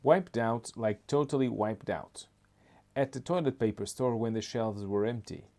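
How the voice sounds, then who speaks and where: A man's voice: medium pitch, normal speed, dark tone. A man, a comedian, doing a rambling comedy monologue and laughing at his own jokes.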